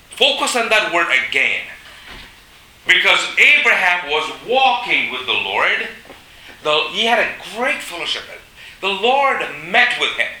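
Male preacher, sermon with scripture reading, bright cutting voice, roomy echo. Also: fairly high pitch, slight background noise. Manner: reads scripture aloud, then comments with pauses and fillers. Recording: echoey room.

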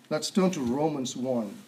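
A man preaching a sermon, stressing and repeating key words and often clearing his throat. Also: fairly high pitch, mellow, a little hiss or hum, poor audio.

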